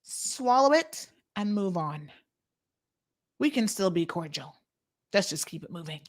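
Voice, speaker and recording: A woman's voice: medium pitch, pushed and bright. A woman hosting an unscripted live talk show, speaking outspokenly and emphatically as she addresses viewers directly and reads out their comments.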